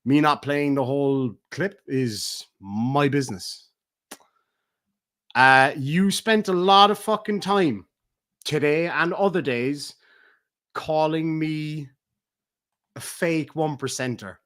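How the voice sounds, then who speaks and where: A middle-aged Irish man rants on a livestream, full of swearing and mockery. His voice sits a little high. He jumps from loud bursts to low mutters. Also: takes it slowly, pauses often. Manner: profane, taunting, swings between loud and muttered. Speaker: streamer. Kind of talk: heated livestream rant.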